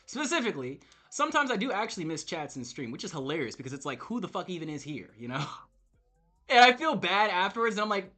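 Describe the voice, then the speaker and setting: Male streamer, lively and bright, chatting loosely to viewers and swearing freely. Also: high-pitched, quick pace. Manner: rambling, repetitive, profane. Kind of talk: casual live-stream commentary.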